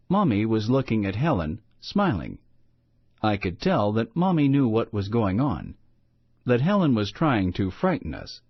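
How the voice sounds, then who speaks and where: A man reading a children's storybook aloud in a slow, expressive storytelling manner. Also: on the low side, breathy edge, no echo. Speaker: storybook reader. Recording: muffled lo-fi recording.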